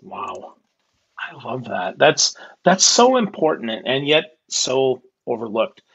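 A man's voice: mid-range voice, very animated, slow pace, creaky, a bit bright, breathy edge, lo-fi sound. A man hosting a podcast interview, reacting with enthusiasm and chatting with his guest. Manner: enthusiastic, conversational. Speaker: podcast host.

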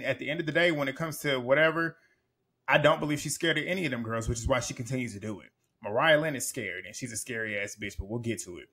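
A man's voice: medium pitch, bright, forceful tone, slightly rough. A man casually recapping a reality TV episode, blunt, profane and emphatic in his opinions.

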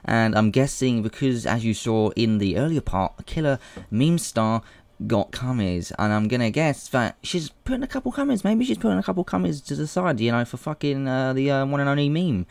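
A man's voice: mid-range voice, big pitch swings, moderate pace, vocal fry, darkish tone, no echo. A young man hosting a reaction video, rambling crudely and saying dude all the time. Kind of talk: casual reaction commentary.

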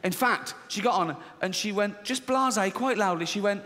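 A man's voice: high voice, moderate pace, few pauses, pushed and bright, slight background noise. A man with an English accent doing a stand-up routine, telling a story in a crude, sardonic way with frequent swearing. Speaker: stand-up comedian. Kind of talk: stand-up comedy. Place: large theatre stage. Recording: live show in large reverberant hall.

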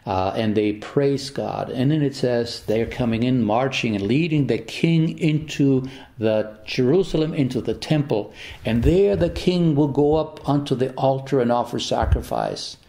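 A man preaching a homily as a priest, telling a long story in an unhurried way with pauses and small restarts before turning to scripture. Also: mid-range voice, vocal fry, warm tone.

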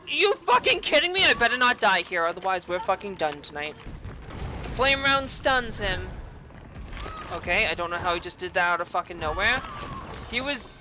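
A young woman hosting a gaming channel, giving raging gameplay commentary, swearing and yelling in frustration. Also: sits high, very animated, normal speed, a little hiss or hum.

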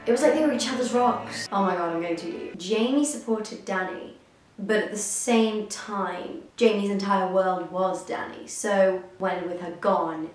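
A young woman vlogger giving a casual reaction commentary, gushing and rambling with self-deprecating asides. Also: medium pitch. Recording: very echoey room, faint music behind.

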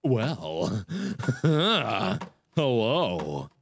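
A young man giving let's-play game commentary, swinging from muttered asides to panicked yelling. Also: fairly low pitch, big pitch swings, drawn-out words, slight background noise. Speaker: gaming video host.

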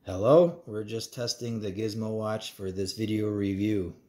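A man with a deep, low-pitched voice talks through a gadget review in an easygoing, rambling way, filling pauses with ums. A faint hiss of background noise sits under his voice. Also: mellow. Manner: laid-back, meandering, many ums and uhs. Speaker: parent reviewing a kid's smartwatch. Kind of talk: casual product review.

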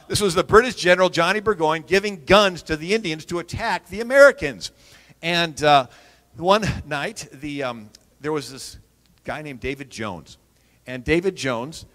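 A man telling history stories as an animated storyteller, swinging from loud to hushed and laughing at his own jokes. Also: fairly high pitch. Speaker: historian and radio host. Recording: long hall reverb.

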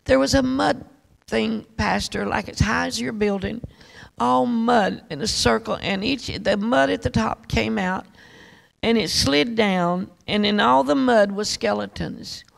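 A woman's voice: on the high side, a little slow, creaky. A woman preacher telling a testimony sermon in an emphatic, repetitive storytelling manner, addressing the congregation directly.

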